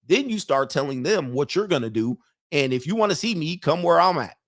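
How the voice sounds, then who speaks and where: A man's voice: a little high, animated, a little fast, a bit bright. A man hosting a show of dating advice for men, talking in a blunt, preachy casual monologue and laughing at his own points. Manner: acts out other people's lines in put-on voices.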